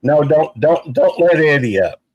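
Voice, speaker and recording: A man's voice: on the high side, animated, a little slow, a little mellow, dry recording, lo-fi sound. A man speaking earnestly and emphatically on a casual live panel, with some playful teasing.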